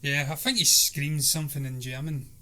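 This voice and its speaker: Bright-voiced man, eager film chat. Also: fairly high pitch, fairly even intonation, normal speed. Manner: enthusiastic, talkative, laughs often. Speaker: film review podcast co-host. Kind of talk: casual chat.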